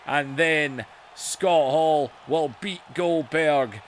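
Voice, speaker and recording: A blustering veteran wrestler, as a gamer puts him on, barks orders and trash talk at his rivals. The voice sits a little high, with a faint hiss of noise behind it. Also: very slow. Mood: gloating. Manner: bossy, insulting trash talk. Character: blustering veteran male wrestler cutting a promo. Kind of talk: mock wrestling promo over a video game.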